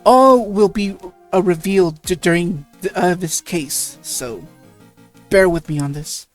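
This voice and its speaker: A let's play host giving casual commentary between game lines, halting and restarting often. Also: mid-range voice, steady tone, soft background music. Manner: halting, many restarts and stammers.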